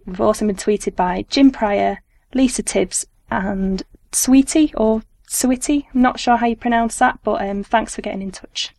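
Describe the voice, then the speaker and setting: A woman's voice: medium pitch, steady tone, moderate pace, creaky, darkish tone. A woman co-hosting a podcast reads out listeners' tweets in a friendly, chatty way. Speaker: podcast co-host.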